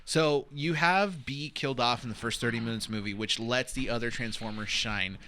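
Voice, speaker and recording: A man's voice: medium pitch, moderate pace, pushed and bright, a little hiss or hum. A young man co-hosting a podcast, chatting casually and eagerly about a movie and acting out lines from its scenes. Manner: enthusiastic, acts out quotes from scenes. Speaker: podcast co-host. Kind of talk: casual movie review chat.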